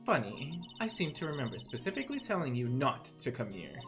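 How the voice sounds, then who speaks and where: A player reading the part as a cold, imperious chief prosecutor and older sister, her words drawn out slowly and heavily. She sounds in command and unimpressed, with quiet music under the voice. It is a let's-play reading of a game scene. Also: medium pitch, sing-song. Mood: dismissive. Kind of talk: reading game dialogue aloud.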